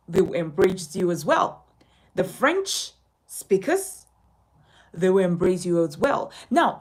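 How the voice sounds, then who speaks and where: A woman's voice: on the high side, darkish tone, husky, rough recording. A woman from Nigeria teaching a speaking lesson as a communication coach, emphatic and instructive, repeating her key points.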